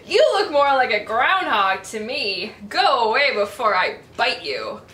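A big, nasty storybook guard dog, as a woman puts him on, snarling and yelling roughly in a bright, forceful voice. The children's story reading is set in an echoey room, with the mic a bit distant. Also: a little high, big pitch swings, a little slow, full character voice. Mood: hostile.

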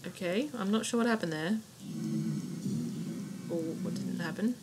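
A woman talks her way through a video game in loose, chatty commentary, muttering to herself and swearing now and then. Her voice sits in a middle pitch, and steady clicking carries on behind her. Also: a little slow, very noisy. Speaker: gaming channel host. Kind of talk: casual let's-play commentary.

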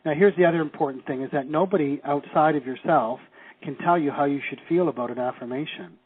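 A man's voice: fairly high pitch, fast, slight background noise. A middle-aged man from Canada teaching a live seminar, quizzing the class and acting out the reactions he describes. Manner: lively, asks the class questions, acts out quoted reactions. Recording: tinny phone-like audio.

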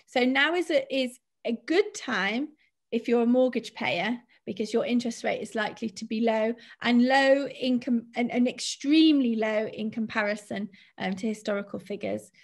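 A woman, a financial adviser, explaining money topics in a steady, conversational way with some fillers. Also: a little high, moderate pace. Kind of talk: presenting a finance talk.

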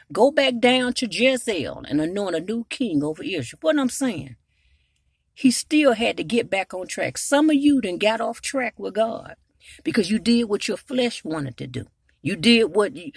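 A woman's voice: medium pitch, creaky, slightly rough, no room sound, clean studio sound. A woman evangelist preaching a sermon, telling Bible stories and rising in volume to exhort, with frequent hallelujahs.

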